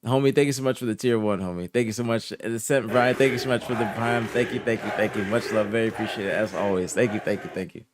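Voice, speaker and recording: A soft-spoken young man chatting casually on a live stream, answering his chat in a laid-back way, dropping to low murmurs and rising to higher protests, often repeating himself. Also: fast talker, few pauses, noisy background. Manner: drifts between low murmurs and higher indignant outbursts. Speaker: streamer reporting esports news.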